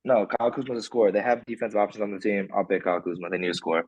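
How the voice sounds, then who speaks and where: A young man in casual sports debate as podcast co-host, excitable and quick to argue his picks. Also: on the low side, dry recording, muffled recording.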